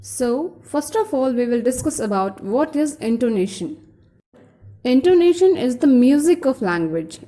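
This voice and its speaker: A woman's voice: fairly high pitch, mellow. A woman teaching an English pronunciation lesson, patiently explaining and modeling example sentences with exaggerated rises and falls. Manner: frequently asks "Okay?" to check understanding.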